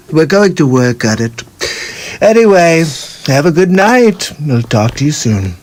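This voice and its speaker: A man doing a boastful older president, drawn-out and slow. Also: on the high side, very animated, music in the background. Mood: pleased. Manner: rambling, repetitive, drawn-out words. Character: boastful older male president, rambling and self-praising. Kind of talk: celebrity impression on a livestream.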